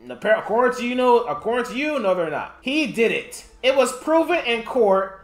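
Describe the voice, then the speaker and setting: Animated ranting streamer in a roomy space. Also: mid-range voice, brisk. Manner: animated profane ranting, talks to chat. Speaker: streamer reacting to news. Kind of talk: live reaction commentary. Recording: roomy echo.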